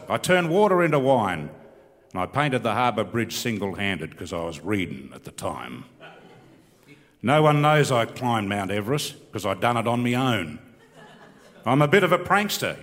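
Doing stand-up, a middle-aged Australian comedian tells a rambling, laconic story with his pitch rising and falling freely, then recites comic bush poetry for laughs. His fairly bright voice rings out with a long hall reverb.

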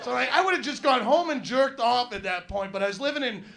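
A man doing a stand-up routine, telling a profane, rambling story with sudden shouted outbursts. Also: very high voice, expressive, a little fast, vocal fry, some chatter behind. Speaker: stand-up comedian.

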